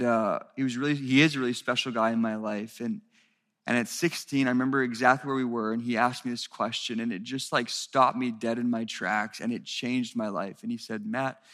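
A man's voice: mid-range voice, fairly bright tone. A man preaching a sermon to his church, earnest and rising to raised intensity as he speaks. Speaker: pastor. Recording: reverberant hall.

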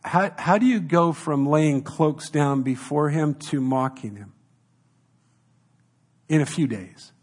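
Male pastor, sermon, emphatic, repeats phrases, slightly higher voice. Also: takes it slowly, long pauses. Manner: emphatic, repeats key phrases, acts out quoted dialogue.

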